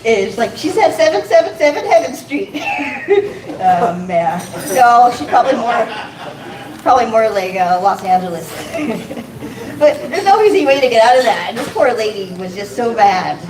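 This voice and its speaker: Speaking unhurriedly in a slightly high, expressive voice, a woman performs stand-up at a comedy club, mocking herself, cursing, and laughing at her own punchlines. Crowd noise fills the echoey, far-off, noisy recording.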